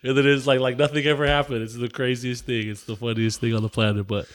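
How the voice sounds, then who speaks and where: A man co-hosting a casual podcast, telling stories in an animated way, laughing often and swearing. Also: mid-range voice, fast talker. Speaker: podcast co-host. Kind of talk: casual chat.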